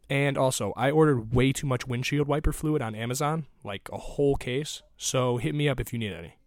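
A man reading a parody sponsor spot, hyping it up then rambling off. His voice is mid-pitched and very dry, with no room sound at all. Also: a little fast, hardly any pauses, no room sound. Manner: rambling, mock-hype ad read. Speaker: podcast host.

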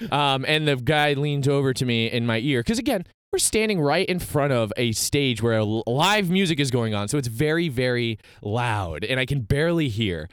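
Smooth-voiced young man telling a story. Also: medium pitch, normal speed, few pauses, no room sound, clean studio sound. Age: young adult. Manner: animated storytelling with laughs and acted quotes. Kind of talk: casual chat.

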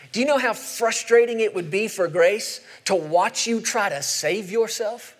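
A male pastor preaching a sermon, emphatic, posing questions to the congregation and slowing down to stress scripture. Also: sits high, animated. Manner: emphatic, asks the audience questions, slows down for scripture.

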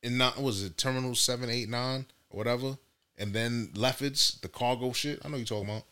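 A podcast co-host with a medium-pitched, clean voice speaks fast. He tells a story on a casual show as an animated storyteller, acting out the quoted voices in raised tones.

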